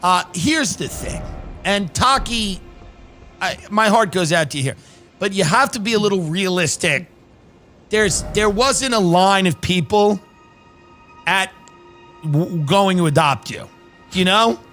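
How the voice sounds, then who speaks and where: A man's voice: sits high, animated, measured pace, pauses often, a bit bright, faint music behind. A man hosting a casual comedy podcast, rambling and reading news quotes aloud with dry sarcasm. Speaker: podcast host.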